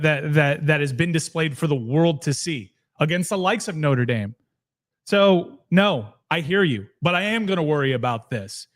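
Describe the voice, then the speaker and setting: Passionate higher-pitched male sports host. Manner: passionate, argumentative. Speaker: podcast co-host. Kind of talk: animated sports talk.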